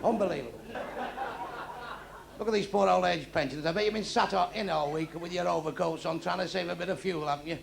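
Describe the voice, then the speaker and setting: A man's voice: high voice, fast talker, creaky. A middle-aged man doing blunt, crude stand-up comedy on a club stage. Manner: blunt, crude, deadpan delivery. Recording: echoey club with crowd noise.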